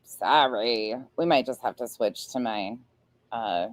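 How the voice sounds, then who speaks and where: A woman's voice: a bass voice, slow pace. A woman co-hosting a casual livestream, dropping sarcastic side remarks and the odd swear. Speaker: livestream co-host.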